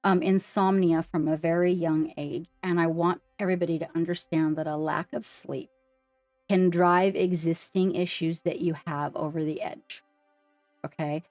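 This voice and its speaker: A woman's voice: fairly low pitch, steady tone, normal speed, darkish tone, no room sound, soft background music. A woman on a livestream, earnestly sharing her story and speaking straight to the viewers in a casual way.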